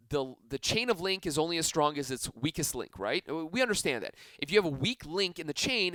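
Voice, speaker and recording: A man's voice: fairly high pitch, no echo. A man hosting a self-help podcast, talking energetically and casually, stretching key phrases for emphasis. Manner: energetic, enthusiastic, conversational. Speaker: podcast host.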